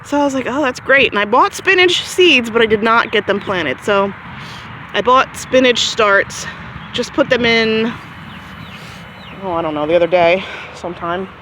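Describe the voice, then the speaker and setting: A woman's voice: lively intonation, normal speed, pushed and bright, slight background noise. A woman giving a casual, rambling tour of her vegetable garden outdoors, talking to the camera as she walks. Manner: chatty and rambling, talks to her chickens in a high sing-song. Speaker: gardening vlogger. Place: outdoors in a backyard garden near chickens. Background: birds and chickens clucking faintly.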